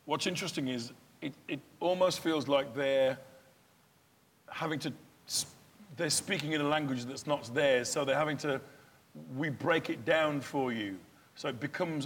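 A man's voice: medium pitch, breathy edge. A male stage actor talking in an interview, chatty and self-deprecating, often restarting his sentences. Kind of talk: interview chat.

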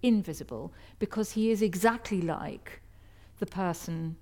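A woman's voice: mid-range voice, unhurried, a little mellow. Probing woman host, academic tone. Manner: probing, academic, hesitant restarts. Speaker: panel host. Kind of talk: panel discussion. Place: stage before an audience.

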